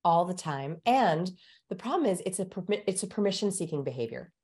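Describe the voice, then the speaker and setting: Animated and brisk, with a lowish voice and darkish tone, a woman serves as a guest expert on body language in an instructive podcast conversation. She explains ways of speaking in a coaching manner and demonstrates vocal exercises.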